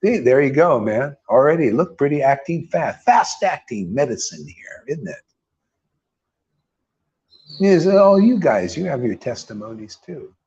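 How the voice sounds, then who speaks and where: A man's voice: medium pitch, very animated, measured pace, a little mellow, highs cut off. A man preaching informally to a small group as a spiritual teacher, emphatic and casual, with blunt, mocking asides and swearing. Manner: emphatic and casual, often calls listeners "man".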